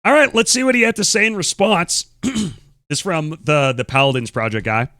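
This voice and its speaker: A man's voice: sits high, moderate pace, bright, forceful tone, no room sound, studio quality. A man hosting a stream, reading and reacting in casual commentary, blunt and incredulous, swearing freely. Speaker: streamer host.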